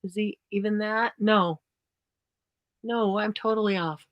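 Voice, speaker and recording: A woman's voice: mid-range voice, a little slow, no echo, highs cut off. A woman hosts a casual live stream, her talk meandering and easy. The sound is dry and close, with no room around it. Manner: relaxed, rambling, warm sign-offs. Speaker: host of a live craft stream.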